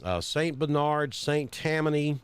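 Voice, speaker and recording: A man's voice: on the high side, expressive, unhurried, clean tone, no room sound. Southern man rambling through live storm coverage. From central Alabama. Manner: rambling, thinking aloud with many fillers. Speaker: weather broadcaster.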